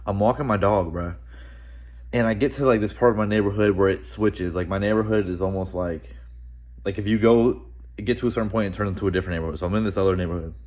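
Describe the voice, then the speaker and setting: A young man vlogging from home, telling a story in a rambling, animated way, full of "bro" and "like". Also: lowish voice, fast talker. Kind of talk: casual storytelling vlog.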